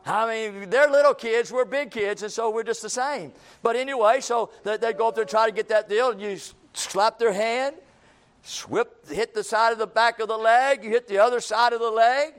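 A man's voice: very high voice, moderate pace, clean tone. A man preaching a sermon, folksy and repetitive, building to emphatic calls and acting out everyday scenes.

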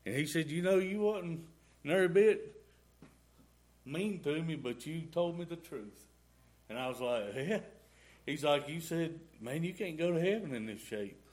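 A man's voice: a little high, expressive, measured pace, darkish tone. A middle-aged man giving a rambling, folksy testimony in a church. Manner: rambling folksy storytelling, y'all and ain't. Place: church sanctuary.

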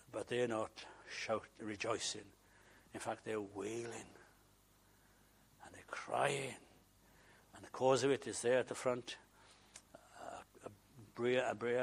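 A man preaching an emotional sermon who swings from raised emphasis to hushed whispers. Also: lowish voice, gravelly, a little hiss or hum.

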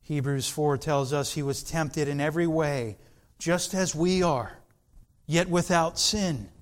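A man preaching a sermon in an earnest, deliberate way, with dramatic pauses. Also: fairly high pitch.

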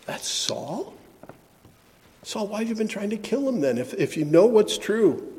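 A man preaching a sermon, shifting between soft, reflective passages and emphatic ones. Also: sits high, sing-song, measured pace. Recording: long hall reverb.

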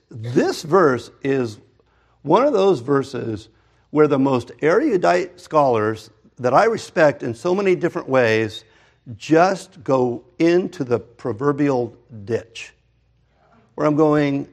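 A pastor in his fifties preaching a conversational sermon, animated and full of restarts and asides. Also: mid-range voice.

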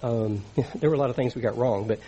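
A man's voice: mid-range voice, a little fast, warm tone, husky, lo-fi sound. A middle-aged man preaching a sermon in an earnest, conversational teaching manner.

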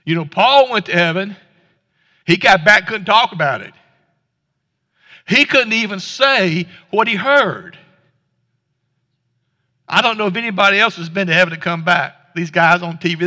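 A male pastor delivers a casual, down-home sermon, tripping over and restarting his words as he goes. His voice sits high and sounds bright and forceful. It rings out with the long reverb of a church hall. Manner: conversational, folksy preaching with stammered restarts. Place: church sanctuary.

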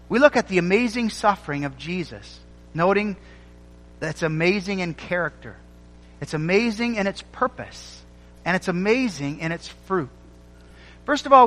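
A man preaching a sermon, emphatic and rhythmic, repeating phrases and pausing for effect. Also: high-pitched, a bit bright, long reverb tail, low-quality recording. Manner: emphatic, rhythmic repetition with dramatic pauses.

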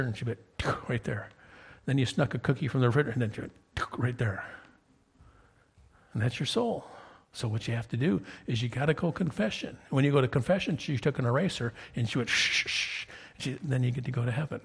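A man in his fifties preaching, his voice gravelly with a husky edge at an ordinary pitch. He tells stories to the congregation in a conversational way, often pausing to ask "okay?" to check they follow. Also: darkish tone. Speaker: pastor. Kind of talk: sermon.

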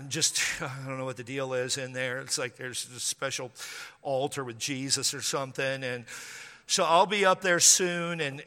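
A man's voice: fairly high pitch, sharp tone. A man in his fifties, a pastor telling a rambling, conversational story to his congregation, with frequent restarts and playful asides. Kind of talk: storytelling sermon. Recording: long hall reverb.

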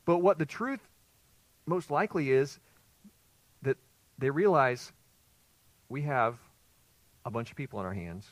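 A male pastor delivers an expository sermon in a mid-pitched voice, pressing his points with emphasis. He turns often to the congregation with rhetorical questions. The recording is dry and close, with little room sound. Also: expressive, measured pace, long pauses, dry recording.

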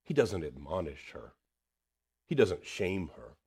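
A man preaching a sermon, swinging between loud emphasis and hushed tenderness. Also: deep voice, very animated, measured pace, husky.

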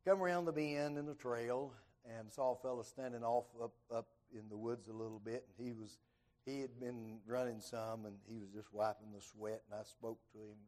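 A man's voice: mid-range voice, normal speed. Folksy man preaching a sermon. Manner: folksy storyteller who acts out quoted dialogue with rising, lively voice. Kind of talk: evening sermon, storytelling.

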